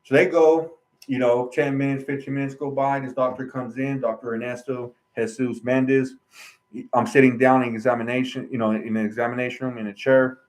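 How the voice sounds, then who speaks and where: Fairly quick and flat, a man with a mid-range voice tells his own story on a low-quality vlog recording. He rambles with earnest, aggrieved feeling, peppering lines with "right?" and "you know".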